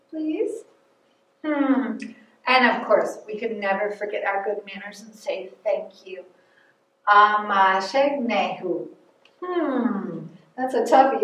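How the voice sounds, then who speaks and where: A woman presenting a library lesson to children, speaking slowly and patiently and sounding out words for them. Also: on the high side. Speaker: library program host teaching children. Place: library room. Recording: echoey room, voice far from mic.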